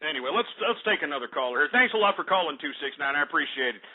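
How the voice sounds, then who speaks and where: A man's voice: fairly high pitch, expressive, racing. A man hosting a call-in radio show, ranting angrily and swearing at callers. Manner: angry, profane, heckles callers. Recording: tinny phone-like radio audio.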